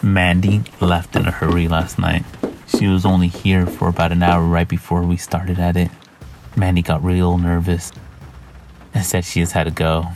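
A man's voice: low voice, completely flat delivery, normal speed, noisy background. A man voicing a haunted, bitter man who slides into terror, reading journal entries in a brooding, weary way.

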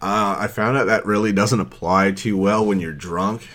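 A man's voice: lowish voice, moderate pace. Profane, rambling man telling stories. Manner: profane, rambling, gets loud and animated at punchlines. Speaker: podcast co-host. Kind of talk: casual storytelling chat.

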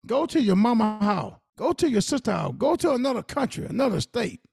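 A man's voice: very high voice, big pitch swings, a little fast, creaky. A man co-hosting a podcast, giving earnest, preachy advice in casual talk. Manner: earnest, preachy advice with Southern Black vernacular. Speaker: podcast co-host.

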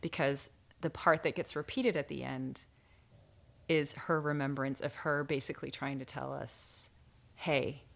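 A woman's voice: rumbling low, level tone, unhurried, vocal fry. A woman hosting a spiritual podcast in casual chat, earnest and emotional, laughing often. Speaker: podcast host.

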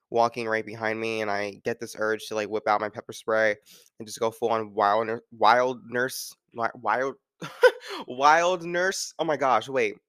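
Guy just chatting solo, lots of likes and you knows, smooth clean voice, dry sound. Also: mid-range voice, no room sound. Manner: rambling, filler-heavy with frequent "like". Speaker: podcast host. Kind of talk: casual solo talk.

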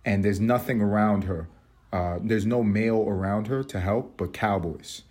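Husky-voiced man ranting on his podcast. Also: lowish voice, normal speed, darkish tone. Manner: profane, mocking, laughs often. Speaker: podcast host. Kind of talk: ranting commentary monologue.

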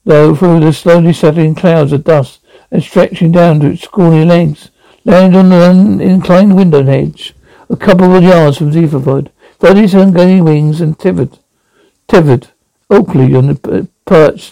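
Gravelly male audiobook narrator. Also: on the high side, mellow, dry recording, poor audio. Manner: stumbling, self-correcting reading. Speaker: audiobook reader.

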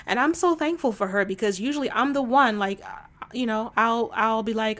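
A woman's voice: fairly high pitch, brisk, a bit bright. A woman talking casually to camera in a vlog, emphatic and exasperated, with lots of fillers. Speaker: vlogger.

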